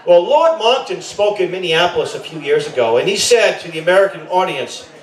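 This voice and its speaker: A man's voice: sits high, lively intonation, fairly quick. A middle-aged man, a camp director, gives an informal rally speech. He rambles, corrects himself often and adds joking asides. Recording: echoey, voice from a distance.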